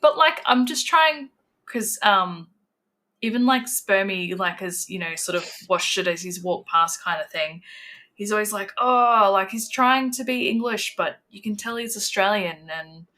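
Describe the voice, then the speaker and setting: Bright-voiced casual woman co-host. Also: mid-range voice, unhurried. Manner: tentative, questioning, lots of "like". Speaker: podcast co-host. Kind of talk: casual chat.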